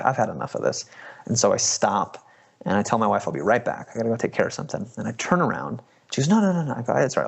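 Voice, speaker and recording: A man's voice: medium pitch, vocal fry. A man in his thirties, a podcast host, telling a personal story in a conversational way with many fillers and restarts.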